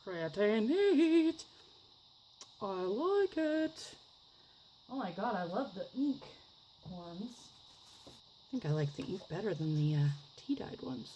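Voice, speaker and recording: A woman's voice: on the low side, expressive, moderate pace, dark tone, slight background noise, low-quality recording. A woman casually demonstrating a craft project, chatty and rambling, gushing over the results and sometimes dropping into a whisper. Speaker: craft vlogger.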